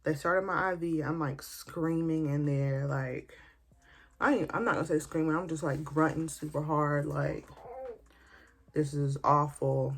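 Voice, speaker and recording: A young woman telling a casual, lively story while doing her makeup, slipping into colloquial speech and acting out the people she quotes. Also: low-pitched, measured pace. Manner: animated, colloquial, acts out quotes. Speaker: beauty vlogger.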